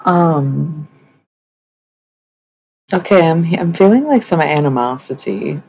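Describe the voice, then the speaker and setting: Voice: medium pitch, lively intonation, slow, creaky, a little mellow, slightly rough, low-quality recording. A livestreamer talking casually and swearing a lot, rambling with many fillers while claiming to channel spirits. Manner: rambling, profane, lots of fillers.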